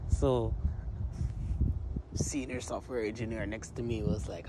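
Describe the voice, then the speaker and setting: A man vlogging in a relaxed, storytelling way, laughing often and swearing freely as he acts out what others said. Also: mid-range voice, a little slow, long pauses, very noisy. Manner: animated, laughing, profane, slangy, quotes others in his telling. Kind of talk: casual storytelling.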